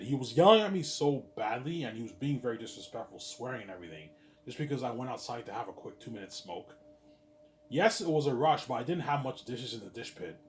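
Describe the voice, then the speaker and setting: A man's voice: on the low side, a little hiss or hum. A tired man telling a rambling, repetitive story to his viewers, swearing and stumbling over his words. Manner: rambling, repeats himself, swears, talks to himself. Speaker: vlogger. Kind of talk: casual storytelling monologue.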